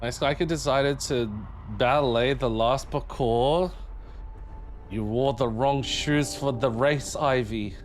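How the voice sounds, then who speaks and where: A man's voice: medium pitch, takes it slowly. A man streaming a game live, chatting casually and playfully with viewers and humming tunes between remarks. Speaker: livestreamer.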